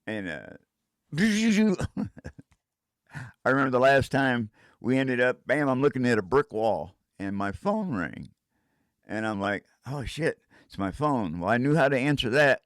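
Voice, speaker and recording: A man's voice: medium pitch, animated, normal speed, clear, resonant tone, no echo, studio quality. Older man telling a rambling tale. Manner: rambling, with laughs and vocal sound effects. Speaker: storyteller. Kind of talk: casual first-person storytelling.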